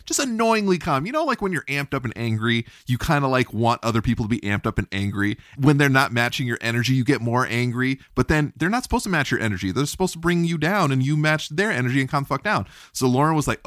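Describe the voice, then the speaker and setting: On a casual podcast, the host tells stories with energy, swearing freely and acting out what other people said. His voice is a little high and brisk, with few pauses. The studio-quality sound has no echo.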